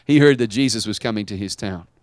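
A man preaching a sermon as pastor, dramatic, swinging from quiet asides to shouted lines. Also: lowish voice, fast talker, no room sound.

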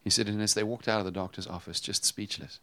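A man preaching a sermon, telling a personal story with animated swings between loud emphasis and hushed tones. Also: lowish voice, fast. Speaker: pastor.

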